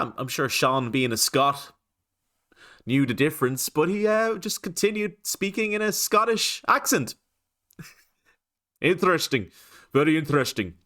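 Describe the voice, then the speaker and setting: Lively Irish man reacting with amusement. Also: mid-range voice. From Ireland. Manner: amused, laughs often, animated. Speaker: reaction video host. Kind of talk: casual reaction commentary.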